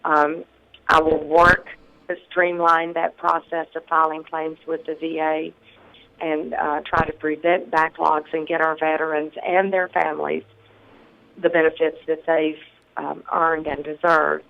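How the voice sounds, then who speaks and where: A congressional candidate from Tennessee in their sixties, giving earnest, measured campaign answers in a radio interview, with many ums and restarts and a slightly rough early-morning voice. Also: mid-range voice, level tone, dull audio.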